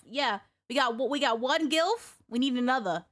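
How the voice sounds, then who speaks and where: A woman streamer reacting to a game in an excitable, playful way. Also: high-pitched, normal speed. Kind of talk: live game playthrough commentary.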